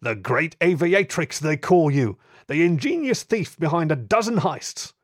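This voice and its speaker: A man voicing an impatient bulldog chief inspector who blusters and shouts. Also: on the high side, big pitch swings, a little slow, no room sound, clean studio sound, voice pushed up. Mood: blustering.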